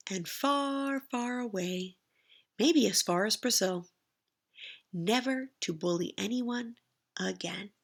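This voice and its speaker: A woman's voice: medium pitch, gravelly. A woman teacher reading a picture book aloud to kindergartners, telling it expressively. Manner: expressive storytelling, slow and deliberate.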